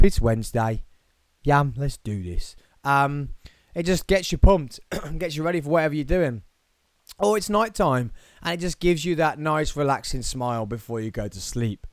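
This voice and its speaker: A man's voice: mid-range voice, dry recording, studio quality. Upbeat man with a Birmingham accent. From England. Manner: energetic, playful, jokey asides. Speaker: podcast host. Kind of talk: solo podcast chat.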